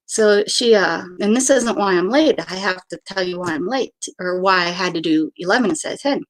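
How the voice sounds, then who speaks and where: A woman hosting a casual livestream in a chatty, rambling way. She breaks off her story to greet viewers by name, then picks it up again. She often stumbles over words and starts again, and her voice sits at an ordinary pitch for a woman. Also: fairly quick. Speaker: livestream host. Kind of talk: casual chat.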